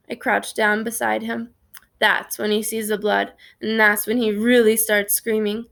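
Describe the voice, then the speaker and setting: A woman reading a storybook aloud in a steady first-person narration. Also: medium pitch, measured pace, creaky. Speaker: reader.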